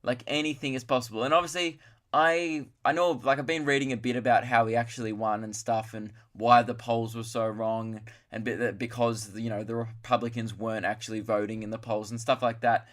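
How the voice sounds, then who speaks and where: A guy in his twenties riffs solo on his comedy podcast with a medium-pitched, steady, brisk, slightly bright voice. He's loose and rambling, mocks himself, and puts on voices for impressions.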